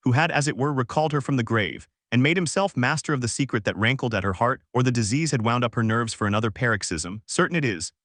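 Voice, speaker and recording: A man's voice: medium pitch, fast, few pauses, no room sound. Man narrating a classic novel, dry sound. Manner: steady, formal reading. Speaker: audiobook narrator.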